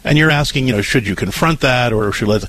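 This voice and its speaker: Calm man hosting a radio advice show. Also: medium pitch, fast talker, poor audio. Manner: calm, explanatory, repeats words when starting phrases. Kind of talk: call-in advice.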